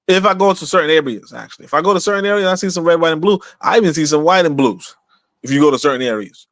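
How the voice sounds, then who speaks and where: Man, podcast host, high-pitched, animated and repetitive, dead dry room. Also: fast, no echo. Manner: emphatic, repetitive, conversational with rhetorical questions. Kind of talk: casual livestream talk.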